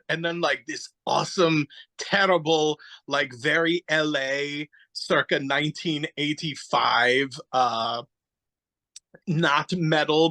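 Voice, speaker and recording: Over a rough recording, a man with a bright, forceful voice on the high side talks casually as a guest on a podcast. He rambles animatedly through a story, hunting aloud for names and performing short quotes.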